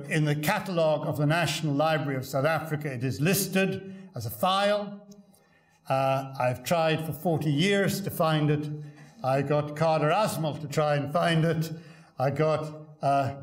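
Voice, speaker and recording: Older male professor giving a lecture. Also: fairly high pitch. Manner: storytelling, dry humour, frequent "uh" and repeated words. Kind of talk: academic lecture with anecdotes. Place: lecture hall at a congress.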